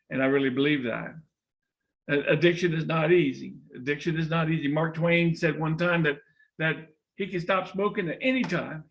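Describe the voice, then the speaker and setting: Gravelly earnest middle-aged man telling a story. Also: a little high, fairly bright tone. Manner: earnest, repetitive, with many restarts. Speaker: speaker in a public speaking class. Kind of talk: storytelling speech.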